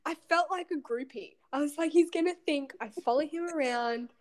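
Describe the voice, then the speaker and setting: A young woman with a high, light voice tells a story at length on a casual podcast. She mocks herself and giggles often while she talks. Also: normal speed. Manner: giggly, self-mocking storytelling. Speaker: podcast co-host. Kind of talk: casual chat between friends.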